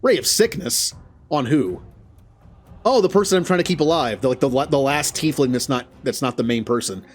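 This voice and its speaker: A man commentating a game as he plays, jumping from easy chatter to loud, high yelps whenever a fight turns bad. He talks straight to the characters on screen, with faint game music underneath. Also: brisk. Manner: excitable, yelps loudly at setbacks. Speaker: gaming channel host. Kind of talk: live gameplay commentary.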